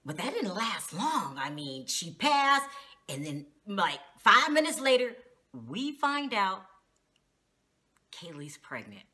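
A woman's voice: medium pitch, big pitch swings, slow, sharp tone, a little hiss or hum. A woman recapping a reality TV episode in a casual vlog, outspoken and slangy, with frequent exclamations. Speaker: TV show reviewer.

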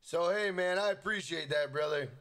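A man's voice: a little high, moderate pace. A young man from Minnesota live streaming a game, chatting casually, swearing freely and hyping up his chat. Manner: hyped, profane, shouts out chat members.

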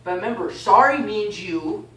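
A man teaching a baptism class in a casual, animated way, often asking "okay?" and "you know?". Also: high-pitched, moderate pace. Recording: echoey room, mic far off, faint noise.

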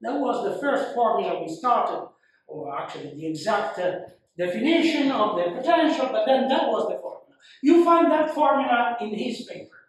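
A man giving a university lecture, slow and halting, with frequent fillers and repeated phrases. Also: very high-pitched, lively intonation, a little hiss or hum. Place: lecture hall. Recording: very echoey room, mic far off.

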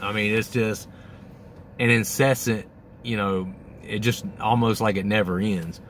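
A man's voice: fairly low pitch, a little slow, a bit bright, slight background noise. A man hosting a candid, casual monologue, swearing freely and acting out his own thoughts, middle-aged. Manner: candid, profane, acts out his own inner voice. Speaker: host.

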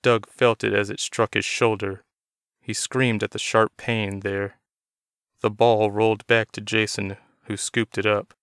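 Low, smooth male story narrator. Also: level tone, a little slow, fairly bright tone, no room sound, clean studio sound. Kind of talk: scripted narration of a novel.

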